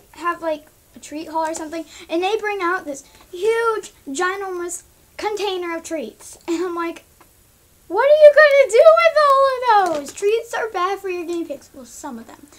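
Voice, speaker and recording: Young woman, high voice, casual pet vlog rant, exasperated, scolding, filler-heavy. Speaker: pet vlogger. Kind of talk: casual ranting monologue.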